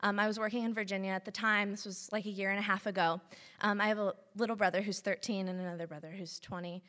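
A woman's voice: mid-range voice, little pitch movement, fast, a bit bright. A woman in her twenties from Missouri tells a personal story to a live audience, chatty, with many ums and laughing asides. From St. Louis, Missouri, US.

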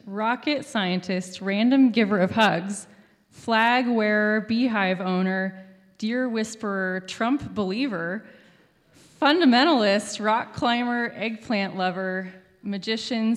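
A woman hosting a live event, playfully introducing the next speaker. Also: mid-range voice. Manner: listing quirky traits, playful. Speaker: event host. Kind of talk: stage introduction. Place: event hall. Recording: reverberant hall.

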